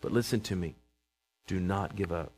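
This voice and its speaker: A man, preaching a sermon to his congregation, emphatic and calling for responses, swinging between loud proclamations and quiet asides. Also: low-pitched, moderate pace, a little hiss or hum. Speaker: pastor. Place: church sanctuary before a congregation.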